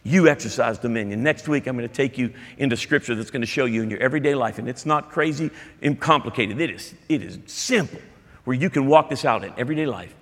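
Husky-voiced man preaching in a reverberant hall. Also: medium pitch, quick pace, fairly bright tone. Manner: emphatic, conversational preaching with asides to the congregation. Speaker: pastor. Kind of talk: sermon.

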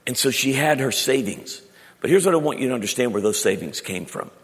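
Pastor preaching in a big hall. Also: male voice, mid-range voice, expressive, a little fast. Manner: storytelling preacher, shifting between loud emphasis and quiet intimate tones. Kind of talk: sermon. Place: church sanctuary. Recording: long reverb of a large hall.

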